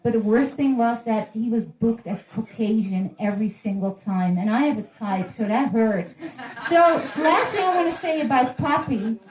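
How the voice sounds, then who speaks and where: A woman's voice: fairly high pitch, moderate pace, darkish tone. A woman, doing rambling, profane, self-deprecating stand-up storytelling at a house party. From Netherlands. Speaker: stand-up comedian. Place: room in a private house. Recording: roomy echo.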